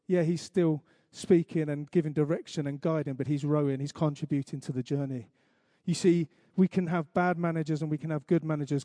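A man preaching a sermon, earnest, reciting scripture slowly and emphatically, with light asides to the congregation. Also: on the high side, warm tone, dry recording, studio quality. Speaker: pastor.

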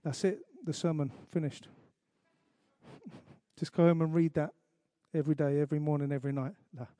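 A man preaching a sermon, earnest, reciting scripture slowly and emphatically, with light asides to the congregation. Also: fairly high pitch, steady tone, dark tone, no room sound. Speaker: pastor.

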